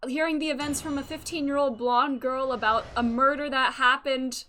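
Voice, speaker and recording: A woman streaming a video game, reacting in excitable casual commentary with swearing and laughing asides. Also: high-pitched, moderate pace, a little hiss or hum. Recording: game music playing behind.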